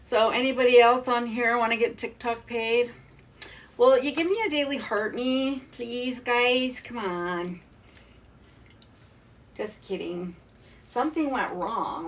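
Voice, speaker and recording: A woman's voice: on the high side, slow, long pauses. A woman chatting casually during a live stream while she cleans at home, rambling and talking to herself as she goes. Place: home kitchen, indoors. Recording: distant phone mic with faint background noise. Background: faint nature sounds.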